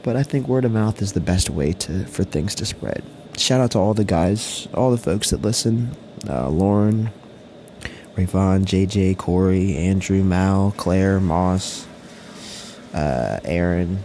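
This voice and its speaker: Low-voiced young man chatting gently. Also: measured pace, slight background noise. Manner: gentle, reassuring, loose slangy talk. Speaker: podcast co-host. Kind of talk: casual podcast chat.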